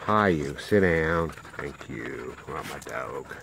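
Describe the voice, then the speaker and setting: A man's voice: a bass voice, slow pace, vocal fry, noisy background. A man filming his dogs in a front yard, chatting and coaxing them with repeated calls, recorded on a handheld camera mic. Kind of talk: casual vlog narration. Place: front yard outdoors in the country.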